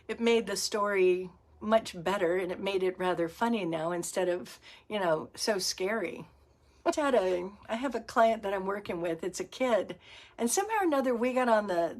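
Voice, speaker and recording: A middle-aged woman from Florida hosting a podcast, telling stories in a casual monologue and laughing often. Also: medium pitch. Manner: laughs often, storytelling with acted-out quotes. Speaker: podcast host.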